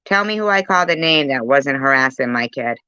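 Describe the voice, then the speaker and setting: Woman, angry livestream rant, profane and insulting, bright forceful voice, dull lo-fi sound. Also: very deep voice, expressive, a little fast, clean tone, no room sound. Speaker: livestreamer reading chat.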